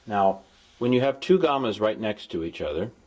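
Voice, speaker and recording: A man's voice: on the low side, lively intonation, normal speed, a little mellow. A man recording a language lesson as a tutor, explaining patiently and dropping playful, jokey asides to his students. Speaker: Greek tutor.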